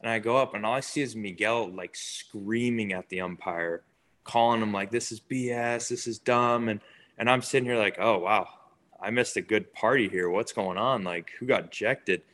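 Man, young adult, low pitch, casual interview guest, animated storyteller. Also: normal speed. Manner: animated, acts out quotes of others. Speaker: baseball player guest.

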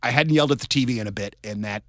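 A man co-hosting a sports podcast, telling stories in a rambling, animated way with many restarts. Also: mid-range voice, very fast, no echo, clean studio sound. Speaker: podcast co-host. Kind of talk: casual sports chat.

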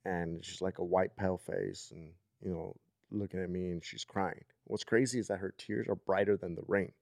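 A man's voice: sits low, steady tone, normal speed, creaky, darkish tone, no room sound, studio quality. A man in his thirties hosting a podcast, telling a long story in a casual, rambling way with lots of fillers. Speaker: podcast host.

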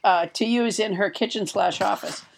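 A woman's voice: medium pitch, moderate pace, creaky. A woman hosting a comedy podcast, rambling with stammered restarts and dry humor. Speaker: podcast host. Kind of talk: comedic banter.

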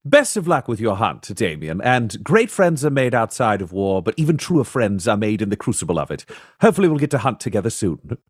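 A man doing a measured, formal inquisitor. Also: on the low side, sing-song, breathy edge, no echo, studio quality. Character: confident male inquisitor making a formal reply.

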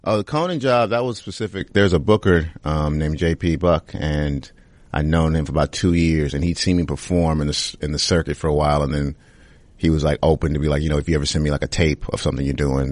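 A young man, a comedian, answering interview questions in a relaxed, rambling way. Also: rumbling low, no room sound.

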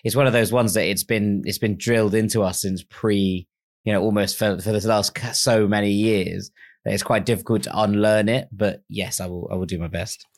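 A man's voice: fairly low pitch, fairly even intonation, normal speed. A man co-hosting a casual fan podcast, talking things through thoughtfully and hedging his points. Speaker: podcast co-host.

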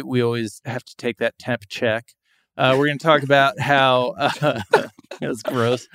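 Smooth-voiced man hosting a podcast. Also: mid-range voice, a bit bright, dry recording, studio quality. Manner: upbeat, introduces guests and topics. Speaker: podcast host. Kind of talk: casual chat.

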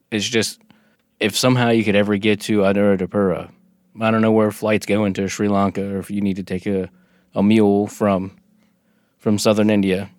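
A man co-hosting a casual podcast, reading from notes with halting restarts and cracking jokes. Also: fairly low pitch, no echo, studio quality. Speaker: podcast co-host. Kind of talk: casual conversational podcast chat.

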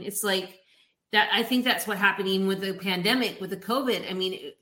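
A woman's voice: mid-range voice, a bit bright. A woman host muses aloud in a loose, rambling way, leaning on "you know" as she thinks. Her voice sits in the middle range. The room around her is echoey. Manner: musing, loose, many "you know" fillers. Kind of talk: conversational interview.

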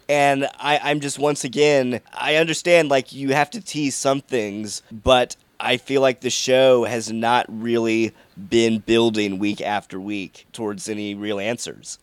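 A man co-hosting a casual chat about a TV show, measured and explaining at length, sounding frustrated. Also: medium pitch, fairly even intonation, smooth, no room sound. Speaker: podcast co-host.

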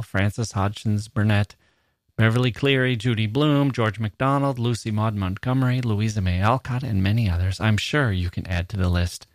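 A man's voice: lowish voice, dry recording, studio quality. A male American podcast host reading listener mail aloud, breaking off for playful, joking asides. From United States.

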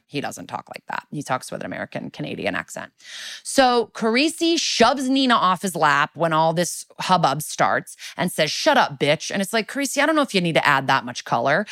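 Low-voiced chatty woman recapping. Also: pushed and bright, no echo. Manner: chatty, lots of "like". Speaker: podcast co-host. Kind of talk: casual recap chat.

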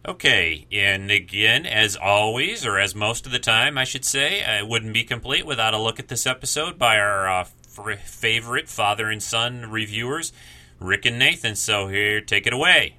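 A man hosting a review show, talking in a relaxed, unhurried way with fillers. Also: lowish voice. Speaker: show host. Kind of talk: casual review monologue.

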